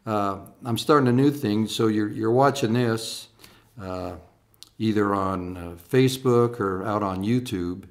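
A man's voice: fairly low pitch, a little slow. An older man, a singer-songwriter, talking casually to online viewers in a folksy, rambling way, with lots of "uh" and restarts.

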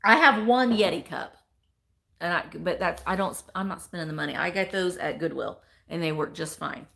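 Her pitch is fairly low and her tone creaky yet bright and forceful, delivered at a moderate pace. She's a woman live-streaming casually from home, opening mail and gushing over what she finds. Chatty and exclamatory, she greets viewers by name and reads their comments out loud.

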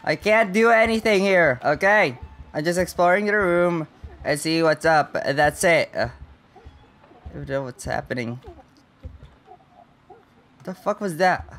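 Faint music plays behind this young man's fairly high, fairly bright voice as he works a little slowly through a horror game, with long pauses. The gaming channel host is jumpy, swearing nonstop, muttering nervously and yelping when startled.

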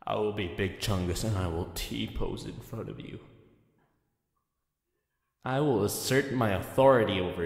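A man voicing a goofy, giggly anime boy. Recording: roomy with a long reverb tail.

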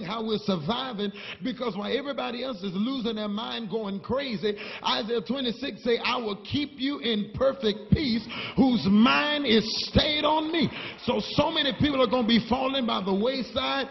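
A man preaching a sermon, telling stories and building to shouted call-and-response with the congregation. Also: very high-pitched, normal speed, creaky, hardly any pauses. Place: church sanctuary. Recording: dull, long-reverb church hall recording.

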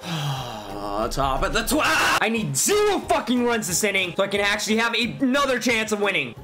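A young man gives live commentary on his own baseball video game, excitable and swearing as he yells at the players. His voice sits high and bright and leaps up and down. Game music plays faintly underneath. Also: moderate pace. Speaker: gaming YouTuber.

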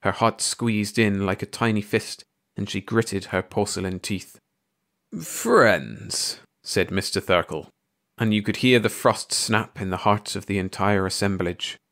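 A man reading a short story aloud as a bedtime audiobook narrator, unhurried and measured. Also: lowish voice, steady tone, fairly bright tone.

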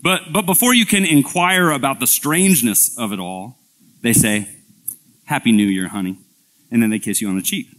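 A man's voice: mid-range voice, lively intonation, brisk, fairly bright tone. A male pastor preaching a sermon in a church, telling a playful story in a conversational way, often restarting and repeating words. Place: church sanctuary.

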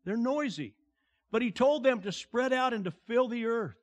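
A man preaching a sermon as a pastor, delivering slow, deliberate lines that fall to a hushed tone and swell on key words. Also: very high voice, lively intonation.

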